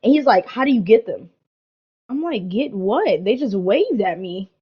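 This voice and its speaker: A young woman co-hosting a podcast, telling a party story in a casual, animated way, full of slang and swearing. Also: mid-range voice, moderate pace, breathy edge, lo-fi sound. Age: young adult. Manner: animated, slangy, heavy swearing, lots of "like" and "bro". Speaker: podcast co-host.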